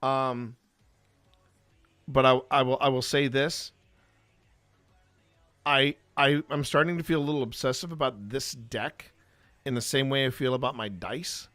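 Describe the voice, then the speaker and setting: A man chatting casually on a stream, his voice bright and forward. He rambles and restarts often, filling gaps with ums. The sound is close and dry, with no room around it. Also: medium pitch, unhurried, long pauses, dry recording, soft background music. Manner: rambling, with many fillers and restarts. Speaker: streamer and co-host. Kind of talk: casual chat.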